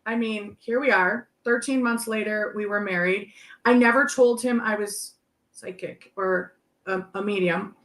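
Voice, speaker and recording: A woman in her thirties, a guest on a video call, chatting casually, quick and animated, laughing often as she tells stories. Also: mid-range voice. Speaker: guest medium. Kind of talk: casual chat.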